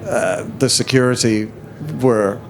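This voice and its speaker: A male musician answers questions in a live chat tent, wandering through his stories with fillers and restarts. His pitch is average, and a faint noise floor sits under the voice. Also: slow pace. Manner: rambling, self-deprecating, hesitant with many fillers. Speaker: interview guest, musician. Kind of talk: casual live stage chat. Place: festival chat tent before an audience.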